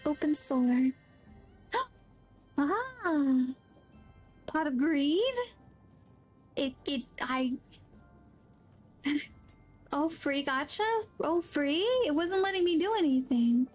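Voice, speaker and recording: A woman livestreamer chatting casually through a game. She has a high voice and an unhurried, easygoing pace, and she muses aloud as she plays. She sounds a little drowsy and yawny. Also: expressive, soft background music. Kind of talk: casual gameplay chat.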